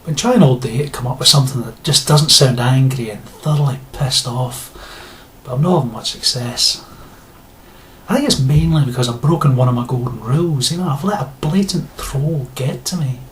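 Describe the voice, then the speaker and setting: A man's voice: medium pitch, normal speed, a little hiss or hum. A man delivering a sarcastic, indignant rant to his viewers, blunt and given to swearing. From Scotland. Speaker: video blogger. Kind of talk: ranting monologue to camera.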